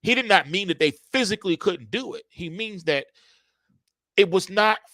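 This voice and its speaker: A man's voice: high voice, lively intonation, moderate pace, sharp tone, no room sound. A man giving a casual commentary monologue in an emphatic, repetitive way. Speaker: market commentator.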